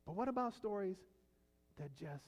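A man preaching a sermon, swinging between loud emphatic peaks and quiet low lines, with conversational asides and stories. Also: lively intonation, normal speed, long reverb tail. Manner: conversational asides and storytelling with fillers and restarts. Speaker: pastor.

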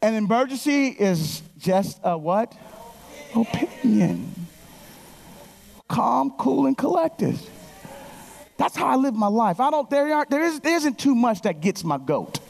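Woman in her 50s, lively preacher, gravelly texture, works the room with anecdotes. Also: fairly high pitch, measured pace, pauses often. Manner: animated storytelling, calls out to the congregation. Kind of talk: sermon.

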